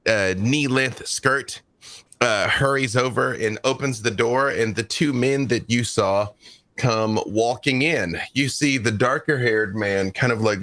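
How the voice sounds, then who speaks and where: A man's voice: mid-range voice, fairly bright tone, no echo. A man narrating as storyteller of a tabletop role-playing game, loose and filler-heavy.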